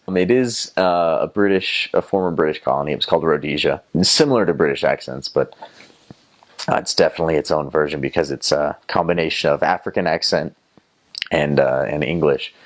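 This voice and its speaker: Deep-voiced Southern American young man. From North Carolina, USA. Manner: rambling with many fillers and restarts, mimics voices. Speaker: former missionary. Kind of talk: casual first-person storytelling.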